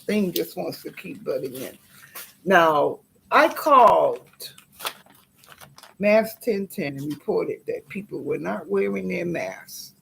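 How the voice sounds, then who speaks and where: Slow, gravelly-voiced indignant woman vlogger. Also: sits low, fairly bright tone, slight background noise. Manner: indignant, talks to viewers while shuffling papers. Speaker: YouTuber. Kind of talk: casual vlog, reading letters aloud.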